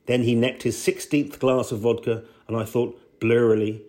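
A man's voice: mid-range voice, level tone, moderate pace, few pauses, a little mellow. A man reading his own first-person travel essay aloud in a dry, understated way. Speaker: essay reader.

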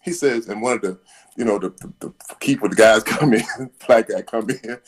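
A man on a sports radio show telling a story, acting out the people in it with big shouted voices and laughter. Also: lowish voice, brisk. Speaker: guest football analyst.

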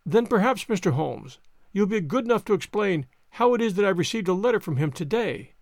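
A man's voice: high voice, lively intonation, brisk, dry recording, clean studio sound. A man voicing an anxious young wife who pleads eagerly for news in an old detective story. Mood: anxious pleading.

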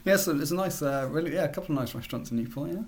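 A man's voice: fairly high pitch, expressive, rapid-fire. Chatty man, podcast co-host. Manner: chatty, hesitant, many restarts and fillers. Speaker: podcast co-host, football journalist. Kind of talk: casual podcast chat.

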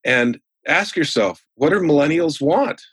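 A man in his sixties, a sales trainer guest in an interview, telling stories in an animated way. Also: a little high, unhurried, a little hiss or hum. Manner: animated storyteller. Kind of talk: storytelling in a podcast interview.

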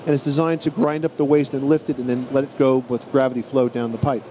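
A middle-aged man hosting a radio call-in advice show, explaining home repairs in a brisk, knowledgeable way. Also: mid-range voice, level tone, background noise.

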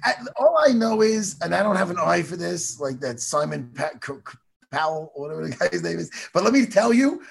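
A man's voice: high voice, animated, brisk, creaky, breathy edge. An American man hosting a casual interview, rambling and joking with lots of swearing. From United States. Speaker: podcast host.

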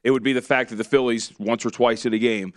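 A man co-hosting a sports betting show, talking stats and calling plays in casual chat. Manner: fast, animated, calls pitches live. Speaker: sports betting analyst, co-host.

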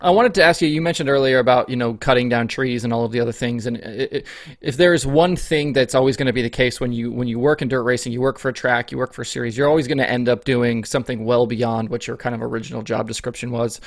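A man's voice: medium pitch, steady tone, quick pace, no room sound. A man hosting a casual interview, asking upbeat, chatty questions. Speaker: podcast host, interviewer.

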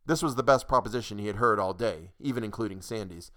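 A man narrating a short story in a measured, dry reading voice. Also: fairly low pitch, pushed and bright.

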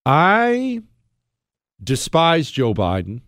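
A man's voice: fairly high pitch, huge pitch swings, very slow, fairly bright tone, dry recording. A man hosting a talk radio show, delivering an angry, sarcastic rant into a close studio mic. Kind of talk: heated political talk radio monologue.

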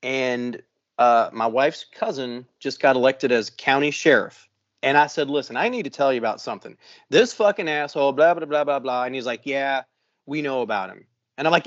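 A man's voice: mid-range voice, moderate pace, no room sound. A man telling a story in a casual podcast chat, swearing constantly and acting out what others said. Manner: profane, animated storyteller acting out quotes. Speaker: podcast co-host. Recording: muffled lo-fi dry sound.

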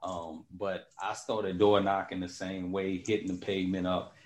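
A relaxed man hosts an interview, chatting casually and dropping "man" into his sentences. His voice is on the low side, and the recording has a roomy echo. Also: moderate pace. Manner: relaxed, says "man" a lot. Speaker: podcast host.

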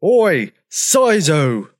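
Man doing a grumpy old dinosaur, gruff, grumbling, slow, storybook. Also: medium pitch, big pitch swings, a bit bright, heavily acted. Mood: angry. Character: grumpy old male triceratops. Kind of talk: storybook character voice.

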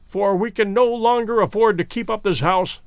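A man's voice: sits high, moderate pace, no echo, voice pushed up. A man reading an audiobook, voicing an elderly, fussy male professor who clucks and tuts. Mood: rueful. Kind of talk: audiobook character voice.

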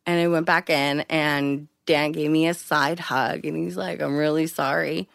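A woman casually telling a personal story in an interview, acting out quoted lines with big jumps in pitch. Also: fairly even intonation, measured pace, gravelly, a bit bright, clean tone, dry recording, studio quality. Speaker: interview guest.

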